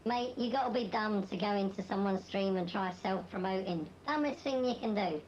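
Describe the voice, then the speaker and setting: A woman's voice: medium pitch, normal speed, a little mellow, muffled recording, a little hiss or hum. A woman streaming a game, chatting to viewers in a blunt, sweary, dismissive way; her voice is off from its usual sound. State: voice not at its normal sound. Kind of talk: live-stream chat while gaming.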